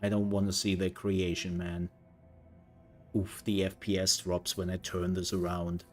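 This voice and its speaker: A man's voice: low-pitched, monotone, measured pace, soft background music. A young man giving casual, playful let's-play commentary, rambling through jokey reactions as he plays. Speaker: gameplay streamer.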